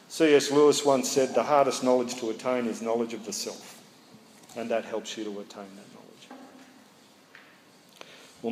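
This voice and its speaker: A man preaching an expository sermon and acting out scenes in playful voices. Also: mid-range voice. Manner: lively, acts out scenes in funny voices. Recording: echoey hall, faint room noise.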